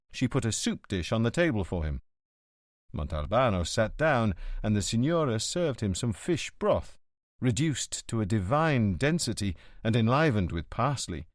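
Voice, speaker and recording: Measured and expressive, a man narrates a scripted audiobook in a fairly low-pitched voice. The recording is dry and of studio quality.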